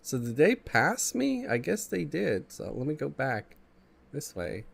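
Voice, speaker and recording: A man's voice: fairly high pitch, huge pitch swings, unhurried, gravelly. A man with a stuffy, congested morning voice, casually chatting with viewers while streaming a game and reading chat aloud. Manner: laid-back, chuckling, reads chat aloud.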